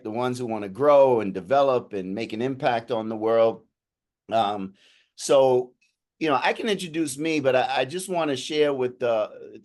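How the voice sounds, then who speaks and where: A man's voice: mid-range voice, darkish tone. Earnest male coach as podcast guest. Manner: earnest, appreciative, many fillers. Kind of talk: casual conversation on a video call. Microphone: video call.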